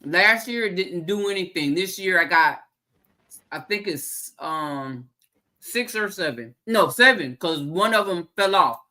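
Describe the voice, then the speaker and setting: A woman's voice: fairly low pitch, expressive, a little slow, bright, forceful tone. A woman talking casually as a guest about her garden, easygoing and savoring the food with "mm" sounds. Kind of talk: casual chat.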